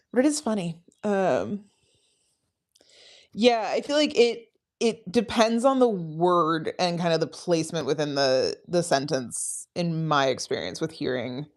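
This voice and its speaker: A woman's voice: fairly low pitch, a little mellow. Giggly rambling woman streamer. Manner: rambling and giggly, many ums and laughs. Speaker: streamer hosting a live study session. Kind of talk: casual livestream chat.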